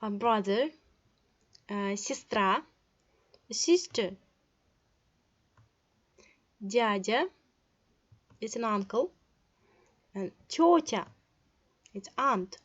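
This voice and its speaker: A woman's voice: mid-range voice, animated, slow pace, long pauses, highs cut off. A young woman from Russia with a Russian accent, teaching a language lesson in English, reading words aloud one by one with short glosses and hesitant fillers. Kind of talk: slow online language lesson.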